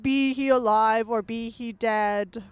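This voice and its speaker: A huge, menacing giant booms out his threats in a storybook retelling, as a woman puts him on. The voice comes out fairly high for such a brute and is chanted with heavy emphasis. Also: steady tone, slow, clean tone, dry recording.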